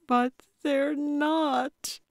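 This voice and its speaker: A woman's voice: a little high, steady tone, slow, darkish tone, no echo, pitched above the performer's own voice. Woman doing a tearful, frightened young woman.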